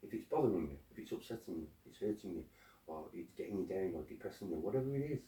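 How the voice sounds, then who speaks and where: A man's voice: sits low, fast, echoey room, recorded from a distance. A man, chatting as a podcast guest and acting out arguments he has had. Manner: animated storytelling, acting out quoted arguments, swears. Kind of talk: casual podcast conversation.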